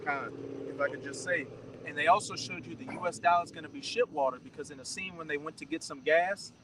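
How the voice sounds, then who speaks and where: Slightly high man reading verses, slow and measured. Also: far from the mic, noisy background. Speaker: scripture reader. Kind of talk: reading verses aloud within a casual discussion.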